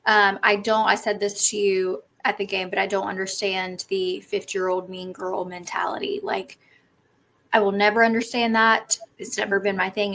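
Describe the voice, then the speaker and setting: A woman's voice: mid-range voice, gravelly, a bit bright. A woman, co-hosting a podcast in a chatty, opinionated way. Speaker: podcast co-host. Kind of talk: casual chat.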